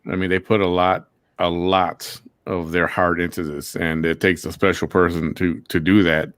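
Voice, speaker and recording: A man with a lowish voice hosts a relaxed podcast chat, easygoing and earnest with his guests. The sound is dry and close. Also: normal speed, no room sound. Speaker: host.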